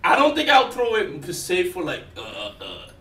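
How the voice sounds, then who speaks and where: Rambling accented man, bright and roomy. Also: sits high, wildly swooping pitch, brisk. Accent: non-native English accent. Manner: rambling, filler-heavy, laughs often. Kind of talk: casual chat. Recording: roomy, distant mic, faint noise.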